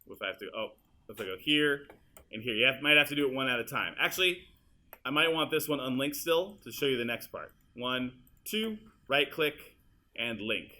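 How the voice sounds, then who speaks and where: Bright-voiced man teaching in a classroom. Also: medium pitch, animated, moderate pace. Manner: casual, chatty, talks to students as he works. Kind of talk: classroom software demonstration. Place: high school classroom. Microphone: room mic, uneven audio quality.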